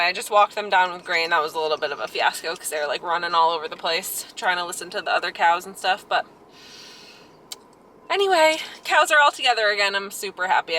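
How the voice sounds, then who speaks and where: A young American woman vlogging casually on her farm, chatty and excitable, a little out of breath. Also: mid-range voice, a little hiss or hum. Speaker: farmer vlogger. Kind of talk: casual vlog narration. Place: outdoors on a farm.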